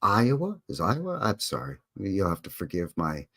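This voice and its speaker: A man's voice: deep voice, huge pitch swings, normal speed, creaky, a bit bright. A man with a Canadian accent hosting a casual live stream, chatty and jokey with plenty of self-deprecating asides.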